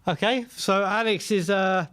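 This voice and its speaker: A fairly high-voiced man hosts a casual fan show over a video call. He speaks in a friendly way, often stumbling and restarting his sentences. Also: measured pace, a bit bright, clean tone. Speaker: host.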